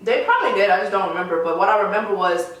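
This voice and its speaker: A young woman guest in a casual chat over food, laid-back and slangy, quick to laugh. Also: mid-range voice, fairly bright tone, far from the mic. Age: young adult. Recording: echoey room, off-mic.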